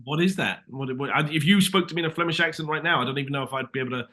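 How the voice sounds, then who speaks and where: A British actor chatting as an interview guest, telling stories animatedly with lots of fillers and acted-out dialogue. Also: male voice, on the high side, rapid-fire. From Britain. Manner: animated storyteller, acts out dialogue, many fillers. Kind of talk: casual interview chat.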